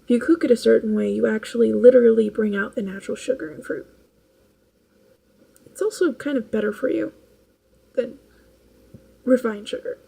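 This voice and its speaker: A woman's voice: a little high, moderate pace, vocal fry, pauses often, warm tone, husky, rough recording. A woman chatting casually on a vlog late at night, tired, rambling and laughing often as she tells stories. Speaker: vlogger. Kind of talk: casual chat.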